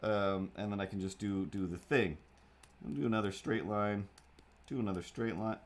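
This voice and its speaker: A man's voice: lowish voice, moderate pace. A young man hosting a livestream, chatting casually while he draws. He rambles, jokes at his own expense and often drifts off topic. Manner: meandering, self-deprecating, goofy. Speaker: livestream host.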